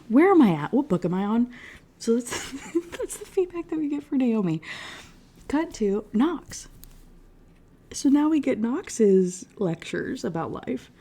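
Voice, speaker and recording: Mellow-voiced woman ranting about a book. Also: fairly high pitch, a little slow. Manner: profane, animated, sarcastic retelling with quoted voices. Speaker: book reviewer. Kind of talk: casual rant review.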